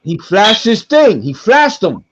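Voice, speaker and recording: A middle-aged man telling a story on a podcast in a casual, animated way, acting out the voices of the people in it and repeating lines for emphasis. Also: high-pitched, a little slow, a little hiss or hum. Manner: animated, acts out quoted voices, repeats himself. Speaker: guest storyteller. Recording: dull lo-fi podcast audio.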